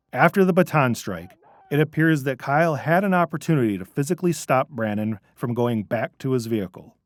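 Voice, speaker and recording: A man narrating a scripted training video in a measured, instructive way. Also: mid-range voice.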